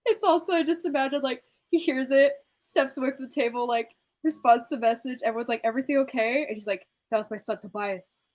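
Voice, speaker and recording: A woman tabletop game player telling her scenes in an animated, giggly way. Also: high-pitched, quick pace, few pauses. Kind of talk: casual play and chat.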